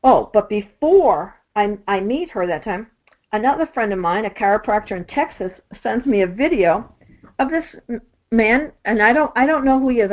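A woman who does energy work, telling long rambling stories in a casual chat, full of fillers and restarts. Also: a little high. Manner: rambling, many "you know" fillers and restarts. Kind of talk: casual storytelling monologue. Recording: tinny phone-like audio.

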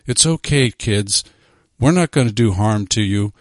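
A man voicing a sly male serpent tempter in whispered role-play, hissing and whispery, low and coaxing. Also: lively intonation, a little slow, no room sound, studio quality. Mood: wheedling.

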